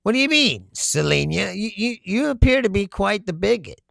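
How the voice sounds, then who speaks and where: A man's voice: high-pitched, big pitch swings, normal speed, vocal fry, fairly bright tone, no room sound, clean studio sound. An American man hosting a casual political livestream, reading chat comments aloud, swearing freely and laughing often. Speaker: livestream host.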